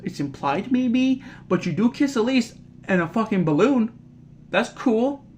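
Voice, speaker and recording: A man's voice: high voice, very animated, unhurried, darkish tone, a little hiss or hum. A man giving a rambling, profane, casual recap of a video game, often laughing at it. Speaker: gaming video creator.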